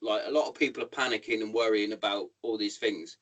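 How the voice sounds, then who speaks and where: A man in his thirties with an English accent, hosting a podcast in casual, sweary, animated chat. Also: fairly low pitch, quick pace, rough recording. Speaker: podcast host.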